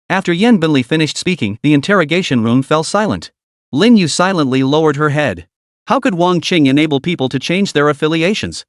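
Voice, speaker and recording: A man's voice: a little high, lively intonation, fairly quick, no echo, studio quality. A man narrating a scripted story in a dramatic recap reading.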